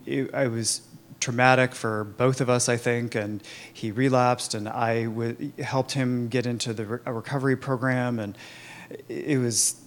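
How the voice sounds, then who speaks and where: A man telling his own recovery story in a candid, halting way, with many fillers and restarts. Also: medium pitch. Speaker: recovery program member sharing his story. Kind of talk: personal testimony, conversational.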